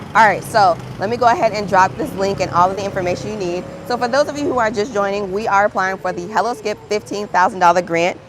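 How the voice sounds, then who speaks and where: A woman's voice: medium pitch, quick pace, noisy background. A woman hosting a livestream as a grant writer, chatting casually and encouragingly with her viewers. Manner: upbeat, encouraging, chatty, calls viewers "friend".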